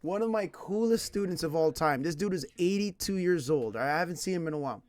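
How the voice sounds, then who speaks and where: A man's voice: sits high, fairly quick. A man from California who teaches English, telling stories casually in a slangy, laughing way. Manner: slangy, laughing, animated retelling. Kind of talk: casual storytelling.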